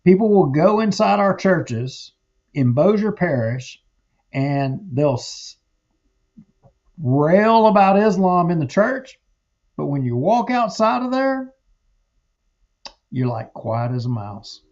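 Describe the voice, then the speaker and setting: A man's voice: high-pitched, lively intonation, slow, darkish tone, muffled recording. A man co-hosting a political talk show, speaking in a heated, emphatic way and repeating himself. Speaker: podcast co-host.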